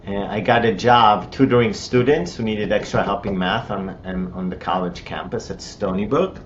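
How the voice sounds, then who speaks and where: A middle-aged man from Israel with an Israeli accent and Hebrew as his first language, telling his personal story in a conversational way, with many restarts and fillers. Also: normal speed. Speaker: interview guest. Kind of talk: personal testimony. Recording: slightly dull with faint rumble.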